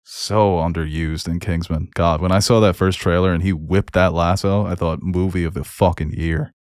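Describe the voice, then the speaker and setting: A man with a very low voice chats casually as a podcast co-host reviewing a TV episode. He laughs a lot and swears freely. The mic is close and the sound is dry. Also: steady tone, moderate pace, darkish tone, no echo.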